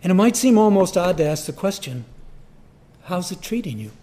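A man's voice: sits high, very animated, normal speed, dark tone, a little hiss or hum. An older man preaching a sermon, telling a personal story in a conversational way. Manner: storytelling, conversational, acts out voices. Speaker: pastor.

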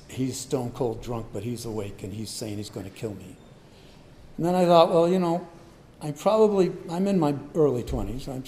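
Older male pastor preaching with a mellow voice. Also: mid-range voice, slight background noise. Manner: storytelling, conversational, acts out voices. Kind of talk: sermon with personal story.

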